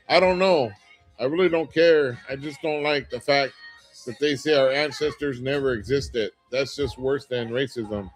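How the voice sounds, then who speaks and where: A man's voice: medium pitch, a bit bright, low-quality recording. A middle-aged man hosting a casual livestream, reading viewer comments aloud and talking candidly, rambling with fillers and restarts. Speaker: livestream host.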